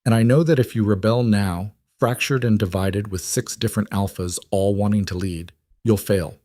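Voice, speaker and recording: A man's voice: lowish voice, steady tone, normal speed, mellow, no echo, close to an everyday voice. A man voicing a defiant young female wolf-shifter leader in an audiobook, level and firm. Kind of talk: audiobook character reading.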